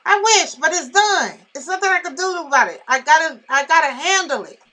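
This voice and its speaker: A woman's voice: high-pitched, lively intonation, brisk, bright, forceful tone, low-quality recording. A woman vlogger venting to camera in a blunt, irritated, emphatic way while in pain.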